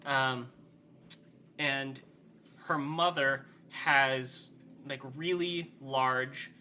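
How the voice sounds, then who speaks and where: A man's voice: medium pitch, steady tone, very slow, pushed and bright, slight background noise. A man narrating as game master in a rambling, filler-heavy way.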